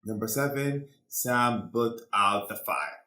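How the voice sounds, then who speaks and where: Male teacher, slow and deliberate, bright voice, echoey room. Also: mid-range voice, animated. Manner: slow, deliberate, quizzing students. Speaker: English teacher. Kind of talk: classroom lesson.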